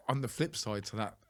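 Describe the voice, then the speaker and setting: A man hosting a podcast, telling a story in a chatty way, laughing and swearing casually. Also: lowish voice. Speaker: podcast host.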